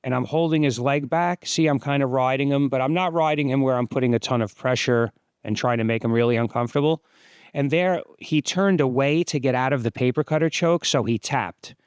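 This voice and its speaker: A man in his fifties, host of his own channel, giving relaxed, explanatory voice-over commentary on sparring footage. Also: medium pitch, smooth, dry recording, studio quality. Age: 50s.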